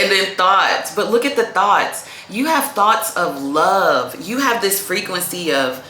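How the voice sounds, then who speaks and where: A woman's voice: mid-range voice, sing-song, measured pace, hardly any pauses, sharp tone, a little hiss or hum. A woman giving a casual tarot reading to camera. She is chatty, calls the viewer "baby" and says "like" a lot. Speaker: tarot reader. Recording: echoey room.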